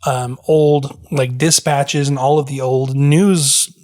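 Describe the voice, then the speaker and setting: A man's voice: medium pitch, level tone, slow, darkish tone. A man hosting a casual history podcast, explaining at length with frequent fillers and restarts. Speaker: podcast host.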